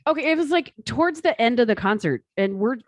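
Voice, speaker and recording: A woman co-hosting a podcast, telling stories in a profane, animated way. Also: fairly high pitch, quick pace, dry recording. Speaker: podcast co-host. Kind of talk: casual chat.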